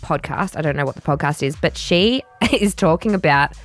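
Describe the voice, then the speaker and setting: A woman co-hosting a radio show, gossiping chattily with quick asides. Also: low-pitched, animated, faint music behind. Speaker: radio co-host. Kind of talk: casual radio banter.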